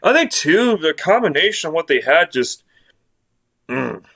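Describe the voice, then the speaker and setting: A man's voice: a little high, very animated, a little slow, creaky, fairly bright tone. A man giving casual basketball bracket predictions, blunt and sarcastic, ranting with frequent restarts and fillers. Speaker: sports commentator.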